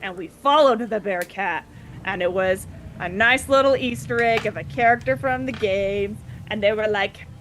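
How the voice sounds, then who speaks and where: A woman's voice: mid-range voice, moderate pace, a bit bright, a little hiss or hum. A woman casually recapping a tabletop game session, chatty and giggly, briefly acting out the party members' lines. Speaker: player recapping the previous session.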